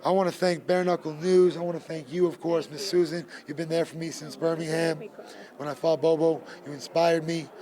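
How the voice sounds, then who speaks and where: A man's voice: on the high side, fairly even intonation, brisk, dark tone. A man, a bare knuckle fighter, talking emphatically in a post-fight interview and repeating his points. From Gloucester, Massachusetts.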